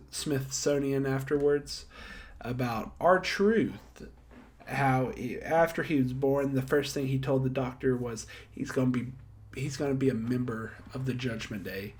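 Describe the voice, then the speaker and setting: A young man casually recapping a wrestling episode and giving star ratings, chatty and self-deprecating, laughing at himself often. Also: medium pitch. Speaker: wrestling show reviewer.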